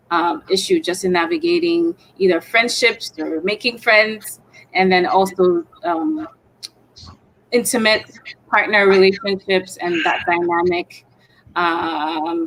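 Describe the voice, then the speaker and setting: A woman speaking as a guest in a panel talk, listing points in a measured way with frequent pauses. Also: on the low side, slight background noise, rough recording. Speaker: guest psychologist. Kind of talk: panel discussion.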